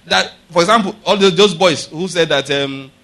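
Male preacher, high and bright, emphatic, keeps questioning the congregation. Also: normal speed. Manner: emphatic, rhetorical questions to the audience. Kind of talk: sermon.

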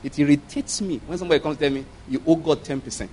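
A man preaching a sermon in an animated way, often laughing and acting out little dialogues. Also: a little high, rapid-fire, hardly any pauses, slightly rough.

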